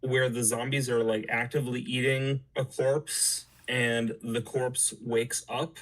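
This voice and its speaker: Slow, hesitant man reviewing a movie. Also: mid-range voice, level tone, low-quality recording. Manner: hesitant, halting, many fillers. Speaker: podcast co-host. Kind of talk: casual movie review chat.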